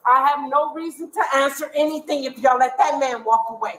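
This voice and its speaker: A woman's voice: high-pitched, a little fast, low-quality recording. A mother arguing heatedly with police outdoors on school grounds, agitated and insistent, repeating herself again and again. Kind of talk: heated confrontation.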